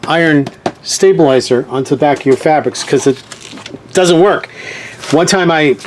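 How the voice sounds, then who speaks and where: A man's voice: a little high, a little hiss or hum. A man teaching a hands-on sewing demonstration in a chatty way, often checking in with his viewers. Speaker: sewing instructor.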